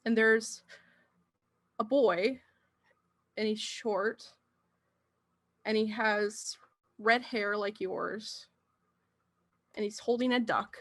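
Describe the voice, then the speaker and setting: Slow-speaking woman game master. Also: mid-range voice, steady tone, a bit bright. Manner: hesitant, with fillers. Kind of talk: narrating a tabletop game.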